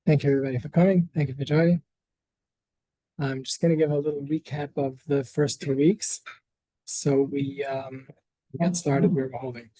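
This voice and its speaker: A man's voice: medium pitch, flat delivery, normal speed, warm tone. An earnest man leading a religious workshop in a study hall, often restarting his phrases. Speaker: workshop leader. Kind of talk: Torah workshop lecture. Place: study hall with online attendees.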